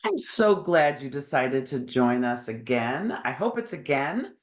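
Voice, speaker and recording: A woman's voice: very deep voice, big pitch swings, measured pace. A woman with a New York accent hosting a podcast, chatty and enthusiastic, laughing often. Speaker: podcast host. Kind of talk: casual interview chat.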